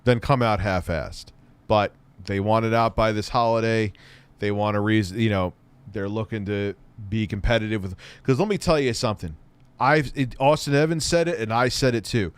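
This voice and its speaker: A man's voice: lowish voice, moderate pace, clean tone, a faint crowd. A man hosting a casual livestream Q&A, reading viewer questions aloud and answering in a rambling, profane way.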